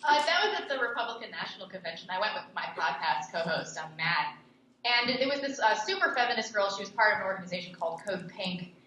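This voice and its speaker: A woman's voice: medium pitch, lively intonation, fast, pushed and bright. A young adult woman answering interview questions in a blunt, scornful way. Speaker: podcast host and interview guest. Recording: echoey room with faint noise.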